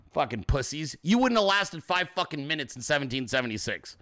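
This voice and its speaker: A man's voice: sits high, big pitch swings, normal speed, few pauses, sharp tone. A man hosting a ranting commentary show, profane and mocking, with a sarcastic edge. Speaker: host.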